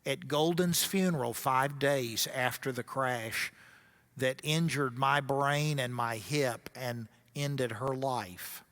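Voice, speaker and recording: A man's voice: mid-range voice, fairly bright tone. A middle-aged man giving a seminar lecture as a guest speaker, telling stories with wry asides.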